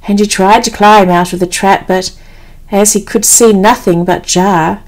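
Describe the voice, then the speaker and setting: A woman from England, slowly and expressively reading a bedtime story in a soothing way. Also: mid-range voice, fairly even intonation, poor audio.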